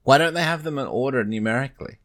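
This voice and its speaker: A man co-hosting a casual podcast, chiming in with quick comments and laughing along. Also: mid-range voice, a bit bright. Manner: chatty interjections, laughs along. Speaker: podcast co-host. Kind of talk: casual chat.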